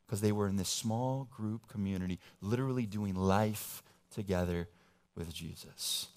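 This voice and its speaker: A young man preaching a sermon, animated and casual, swinging from loud emphasis to quiet asides. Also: fairly low pitch. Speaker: pastor.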